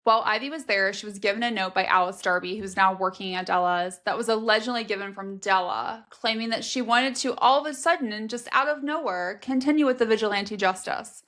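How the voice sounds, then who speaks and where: A woman's voice: mid-range voice, brisk, few pauses, fairly bright tone. A woman co-hosting a podcast, recapping a book in blunt, chatty talk and quoting scenes. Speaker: podcast co-host. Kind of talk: casual book-recap chat.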